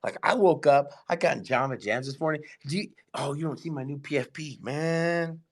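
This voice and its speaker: A man hosting a casual live audio chat, hyped and excitable, giving slangy shout-outs to his listeners. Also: on the high side, moderate pace. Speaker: host of an online audio space.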